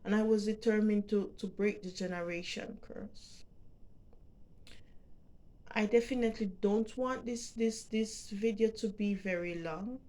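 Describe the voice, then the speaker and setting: A middle-aged woman with a Jamaican accent, telling a personal story to camera in a halting, heartfelt way, often repeating words. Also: medium pitch, a little mellow. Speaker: vlogger.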